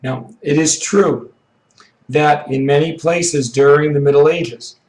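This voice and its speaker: A man teaching an English idiom lesson, his voice hoarse and froggy from allergies, explaining slowly with frequent "okay"s. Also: on the high side, steady tone, darkish tone, roomy sound, low-quality recording. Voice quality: froggy, rough throat.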